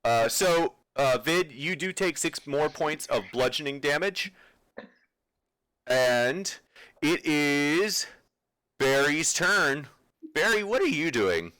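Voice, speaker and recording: A man's voice: on the high side, animated, slow pace, pauses often, bright, forceful tone. A man running a tabletop game as dungeon master, laughing often and talking in a loose, rambling way.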